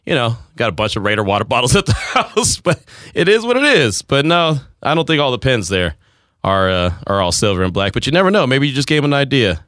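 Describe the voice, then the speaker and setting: A man's voice: medium pitch, big pitch swings, fairly quick, fairly bright tone, dry recording, clean studio sound. A man in his forties hosting a sports radio show, talking in teasing banter and laughing often. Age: 40s. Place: radio studio.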